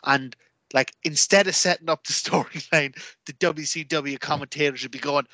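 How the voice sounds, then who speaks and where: A man co-hosting a casual podcast, telling stories with lots of energy and acting out the voices in them. His voice sits a little high and sounds bright and forceful, recorded dry and close. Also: normal speed, no room sound. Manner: animated storyteller who acts out quotes. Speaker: podcast co-host. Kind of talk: casual chat.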